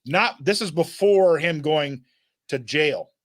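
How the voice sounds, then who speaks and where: A man's voice: on the high side, slow. A man hosting a podcast, talking casually and rambling through his stories with frequent restarts and fillers. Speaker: podcast host. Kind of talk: casual chat.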